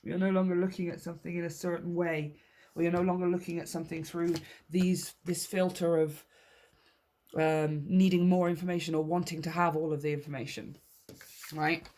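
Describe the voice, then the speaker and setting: A woman's voice: lowish voice, flat delivery, normal speed, warm tone. Enthusiastic woman giving a tarot reading. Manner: enthusiastic, encouraging, laughs often; repeats key phrases for emphasis. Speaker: tarot reader. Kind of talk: casual tarot reading to viewers.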